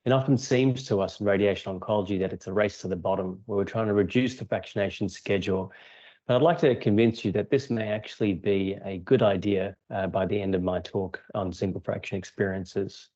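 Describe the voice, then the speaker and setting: A man, a radiation oncologist giving a measured, technical conference talk over a video call. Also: lowish voice, steady tone, a little mellow. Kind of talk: prepared conference lecture. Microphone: remote video call. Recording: dull lo-fi video call audio.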